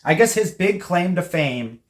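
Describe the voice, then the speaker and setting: A man's voice: high-pitched, lively intonation, unhurried. A man co-hosting a casual book discussion, retelling scenes in a loose, conversational way that often trails off. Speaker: podcast co-host.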